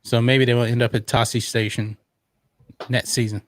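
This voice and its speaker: A man's voice: medium pitch, level tone, moderate pace. A man hosting a podcast, chatting casually through a movie watch-along and reading out viewer comments. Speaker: podcast host.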